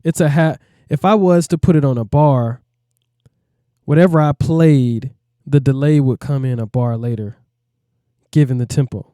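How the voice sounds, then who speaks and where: A man's voice: medium pitch, mellow, clear, resonant tone, no echo, clean studio sound. A man, a music producer, walking through a plugin in a laid-back, rambling way, often asking "you know what I mean". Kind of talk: casual tutorial walkthrough.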